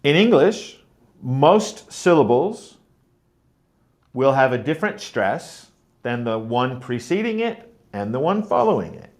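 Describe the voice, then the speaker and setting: A man's voice: mid-range voice, big pitch swings, a little slow, darkish tone. A man teaching a pronunciation lesson, modelling stressed and unstressed syllables with exaggerated stress on example words. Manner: explains clearly, models sounds like mm-mm. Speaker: teacher trainer.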